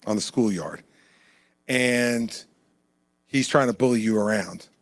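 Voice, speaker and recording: A man's voice: lowish voice, slow, clean studio sound. A man speaking as a presidential candidate at a town hall, in a punchy, conversational way that repeats lines for emphasis. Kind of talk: town hall stump speech and Q&A. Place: indoor town hall venue.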